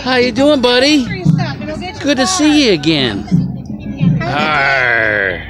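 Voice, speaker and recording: Slow, lively-voiced man at a festival. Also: very high voice. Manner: friendly, relaxed greetings. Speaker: vlogger. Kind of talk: casual chat. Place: outdoor festival. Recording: busy festival crowd and music.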